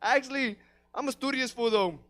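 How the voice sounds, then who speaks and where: Male stand-up, very high smooth voice, deadpan slangy delivery on stage. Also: brisk. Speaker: stand-up comedian. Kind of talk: stand-up set. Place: comedy theater stage.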